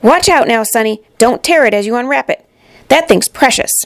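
Woman reads a booming, excitable shopkeeper in a storybook; high and shouty, dry close sound. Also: normal speed, no echo. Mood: warning. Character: fat jolly male shopkeeper, loud and excitable.

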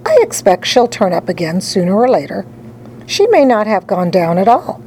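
A whimsical candy-factory owner speaks calmly and breezily, never bothered, as a woman reads his lines. His pitch moves in a lively way, and faint ambience sits behind him. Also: moderate pace, a little hiss or hum, close to an everyday voice, poor audio. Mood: breezy. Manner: calm, breezy, unbothered.

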